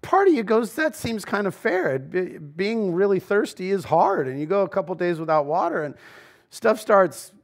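A male pastor preaching a sermon in a church, talking to the congregation conversationally, swinging between loud emphasis and quiet asides. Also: high voice, very animated, moderate pace, vocal fry. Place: church sanctuary.

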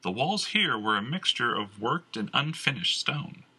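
Guy reading a fantasy audiobook, slow and husky, bright tone, lots of pitch movement. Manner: measured, expressive. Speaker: audiobook narrator. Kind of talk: scripted narration.

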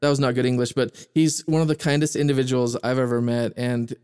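A man's voice: mid-range voice, fairly even intonation, a little mellow, clean tone. A man hosting a podcast who talks casually, often hesitating and restarting with fillers. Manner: hesitant, halting, with many fillers. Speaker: podcast host.

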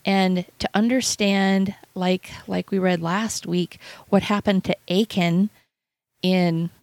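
A woman co-hosting a radio show, talking about the Bible in an earnest, halting way with many restarts. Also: mid-range voice, steady tone, darkish tone, dry recording. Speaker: radio co-host. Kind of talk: casual Bible talk.

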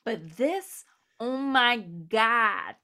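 A woman co-hosting a podcast in casual film chat, gushing and excitable, laughing often and saying "like" a lot. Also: fairly high pitch, drawn-out words. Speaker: podcast co-host.

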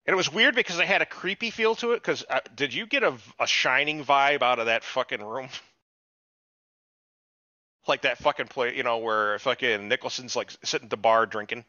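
A man's voice: mid-range voice, brisk, no room sound, muffled recording. A man chatting casually on a podcast, recapping a TV episode in a rambling, profane way and acting out quotes. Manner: profane, rambling, animated retelling with put-on quotes. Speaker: podcast co-host.

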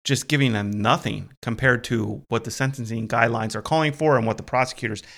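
A man with a gravelly, creaky voice at a middle pitch co-hosts a casual talk. He asks follow-up questions and reacts with surprise. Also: fairly quick, fairly bright tone. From Pennsylvania, US. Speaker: co-host. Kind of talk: casual discussion.

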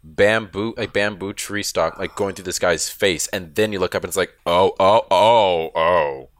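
A man chatting on a film podcast, stumbling and restarting as he speaks. His voice is very low, and the recording sounds dry and close with no room echo. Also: steady tone, a bit bright. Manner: halting, stammers and restarts, laughs. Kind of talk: casual film review chat.

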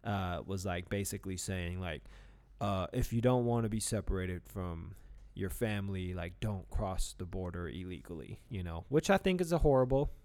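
A man's voice: low voice, normal speed, hardly any pauses, a little mellow. A man in casual podcast talk, rambling with lots of restarts and fillers. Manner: burps mid-talk. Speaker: podcast co-host. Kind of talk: casual chat.

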